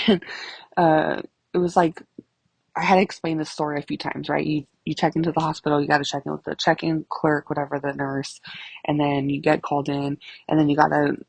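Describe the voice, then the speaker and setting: Woman, 30s, podcast host, casual storytelling, profane, gravelly fry, dry close sound. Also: sits low, fairly quick, dry recording. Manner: profane, laughing, animated storyteller.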